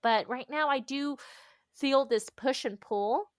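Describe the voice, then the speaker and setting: A woman guest talking candidly about motherhood, telling animated stories, acting out her own inner voice and laughing often. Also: high voice, slow, no room sound, studio quality. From United States. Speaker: guest author. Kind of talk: candid conversational interview.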